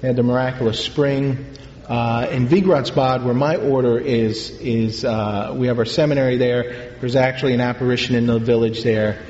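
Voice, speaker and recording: A man, a priest, telling a story in a sermon, in an unhurried, halting way with pauses and fillers. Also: medium pitch, fairly even intonation, darkish tone, slight background noise. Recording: echoey hall, dull lo-fi sound.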